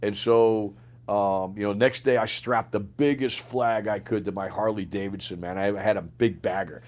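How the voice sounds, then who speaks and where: A man's voice: on the low side, normal speed. Older man telling vivid war stories. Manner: animated storyteller, acts out quoted dialogue, swears freely. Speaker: guest, retired Green Beret sergeant major. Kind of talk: casual storytelling interview.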